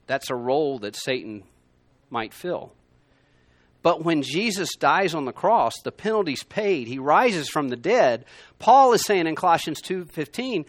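Guy teaching a bible class, chatty but punchy, bouncy pitch, slightly high voice. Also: very animated, normal speed, dry recording. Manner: conversational, emphatic, swings from loud to quiet. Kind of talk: sermon. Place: room with a gathered class.

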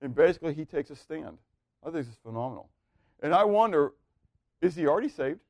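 A man with a high voice leads a Bible class, quizzing his listeners and waiting on their replies. He swings from loud emphasis down to near-murmured asides. The sound is dry and close. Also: lively intonation, fast, no echo. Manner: asks the class questions and waits for answers. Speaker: Bible teacher. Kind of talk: interactive Bible teaching.

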